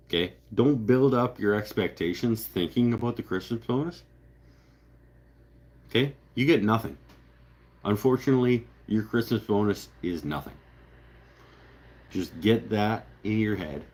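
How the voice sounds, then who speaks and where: His voice sits lowish, slightly mellow and breathy, as this man hosts a live stream. He jokes around casually, rambling through viewer comments and breaking off his own sentences.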